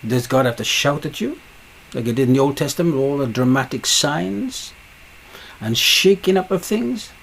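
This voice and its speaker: A man's voice: mid-range voice, expressive, moderate pace, vocal fry, a bit bright, a little hiss or hum. A man preaching a sermon, pressing his points with repeated rhetorical questions.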